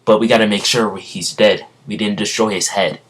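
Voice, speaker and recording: A man's voice: fairly low pitch, steady tone, normal speed, fairly bright tone, close to an everyday voice. A man voicing a determined young male hero who lays out a plan in a plain, matter-of-fact way.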